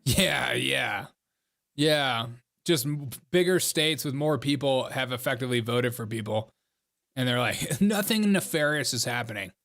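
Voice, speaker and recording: A man's voice: medium pitch, measured pace, gravelly, a bit bright. A man hosting a live stream, reacting to election coverage with sarcastic asides and frequent laughter. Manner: sarcastic, laughs often, talks over the broadcast. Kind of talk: casual livestream commentary.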